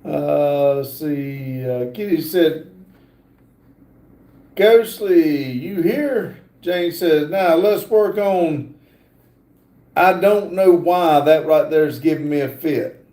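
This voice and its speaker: A man's voice: fairly high pitch, slow, warm tone. A man hosting a casual livestream, reading viewer comments aloud with many fillers. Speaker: livestream host reading chat. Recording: echoey room.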